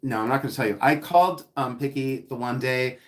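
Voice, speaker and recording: A man's voice: medium pitch, fairly quick. Chatty, giggly man hosting a live stream. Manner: chatty and giggly, reading viewer comments aloud; playful, repeats words for fun. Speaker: live-stream seller and host. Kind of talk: casual live-stream chat while unboxing.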